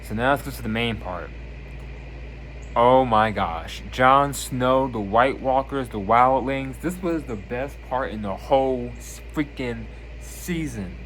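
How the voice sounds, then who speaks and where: A man casually reviewing a TV season on his channel, retelling scenes with lively energy and acting out lines. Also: medium pitch, takes it slowly, slight background noise. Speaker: video reviewer.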